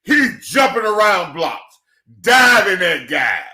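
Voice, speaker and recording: A man in a passionate, preachy football rant, swinging between shouting and quiet emotion, calling his listeners "church". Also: sits high, big pitch swings, moderate pace. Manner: preachy, emphatic, calls audience "church". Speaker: football commentator. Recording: echoey room.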